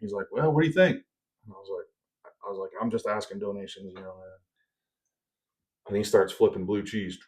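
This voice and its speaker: With a lowish voice, a slightly fast pace, and long pauses, a man co-hosts a podcast. He tells a long story casually and with animation, acting out the quoted voices.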